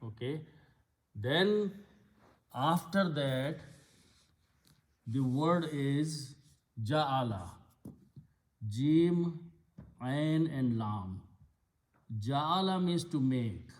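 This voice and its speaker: A man's voice: mid-range voice, animated, very slow, long pauses. A man teaching Arabic grammar of scripture in a patient lesson, explaining step by step and repeating key words. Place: Islamic center classroom.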